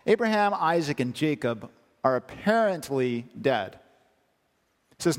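A man's voice: a little high, very animated, measured pace, long pauses. A male pastor preaching a sermon, reading scripture aloud and asking emphatic rhetorical questions. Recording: long hall reverb.

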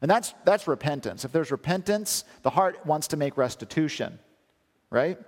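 Reading from scripture and pressing emphatic rhetorical questions, this male pastor delivers his sermon at a moderate pace. His voice runs on the high side with lively intonation, and the recording carries long hall reverb.

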